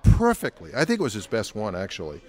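A man's voice: fairly low pitch, wildly swooping pitch, fast, a little mellow. Older man telling stories as biographer. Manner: anecdotal, slips into quoted voices while telling stories. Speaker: biographer, interview guest. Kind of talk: relaxed interview talk.

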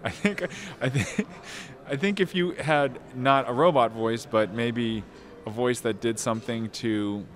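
A man being interviewed about his novel, answering thoughtfully with lots of pauses, restarts and fillers. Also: mid-range voice. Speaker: novelist guest.

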